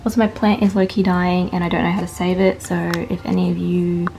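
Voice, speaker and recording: A young woman vlogging at home, gushing excitedly through an unboxing with lots of exclamations. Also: fairly low pitch, a little fast, gravelly. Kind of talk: casual unboxing vlog. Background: soft background music.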